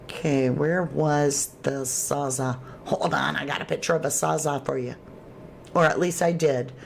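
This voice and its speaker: A woman's voice: deep voice, fairly even intonation, unhurried, creaky, a little hiss or hum. A woman hosting a true crime livestream, reading chat aloud and reacting with sudden exclamations. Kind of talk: casual livestream commentary.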